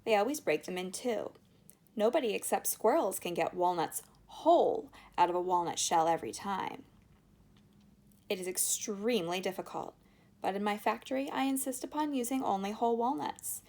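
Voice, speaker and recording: A woman voicing a brisk, eccentric male chocolate maker who talks quickly and bossily. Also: mid-range voice, a little mellow, close to an everyday voice. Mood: eager. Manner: quick, bossy, triumphant.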